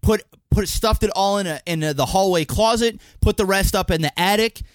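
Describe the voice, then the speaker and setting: A man's voice: high-pitched, brisk, dry recording, clean studio sound. A young man and podcast co-host telling a childhood story in casual chat. He swears freely and slips into voices when he quotes people.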